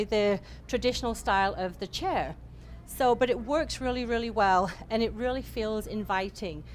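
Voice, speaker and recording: A woman's voice: on the high side, a little hiss or hum. A woman leading a home decor class in an upbeat, chatty way, with many fillers. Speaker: interior design instructor.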